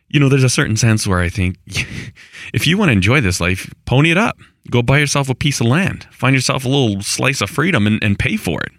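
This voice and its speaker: Man, middle-aged, very low voice, dry close sound, rambling casual vlog talk. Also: fairly bright tone, no echo. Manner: rambling, conversational, with restarts and exasperated asides. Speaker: vlogger on rural homestead life. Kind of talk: casual monologue.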